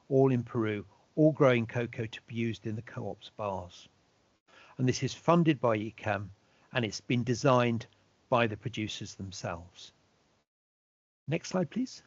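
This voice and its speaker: A man giving a relaxed, chatty online presentation as a chocolate expert, now and then asking for the next slide. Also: mid-range voice, dry recording. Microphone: video call. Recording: dull, dry lo-fi audio.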